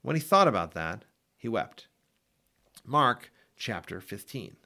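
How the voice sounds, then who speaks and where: For a daily Bible podcast, a man reads scripture aloud with expressive, dramatic delivery. His voice is medium-pitched and creaky, and he reads at a slow pace.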